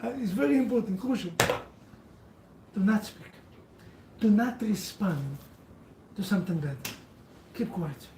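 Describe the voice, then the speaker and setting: High-voiced male rabbi, roomy and distant. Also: animated, background noise. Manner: storytelling, halting non-standard English grammar. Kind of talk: sermon to a live audience. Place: room with a seated audience.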